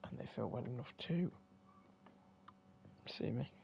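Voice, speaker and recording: A young man talking over his game in a tired, gravelly voice full of fry. He rambles and pokes fun at himself, with plenty of ums along the way. The mic sounds dull and lo-fi. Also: mid-range voice, a little slow, a little hiss or hum. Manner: rambling, self-deprecating, many fillers. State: tired, yawning. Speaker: game streamer. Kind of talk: casual commentary while playing.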